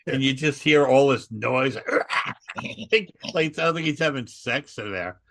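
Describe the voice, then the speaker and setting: A man's voice: medium pitch, unhurried, a bit bright, a little hiss or hum. A middle-aged man co-hosting a podcast, eagerly retelling funny cartoon scenes. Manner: enthusiastic, laughs while telling cartoon bits. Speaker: podcast co-host. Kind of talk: casual chat.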